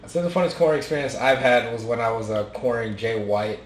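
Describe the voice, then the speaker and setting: A man's voice: medium pitch, lively intonation, fast. A man hosting a casual chat, laid-back, rambling into questions and stories. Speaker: podcast host. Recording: roomy, faint room noise.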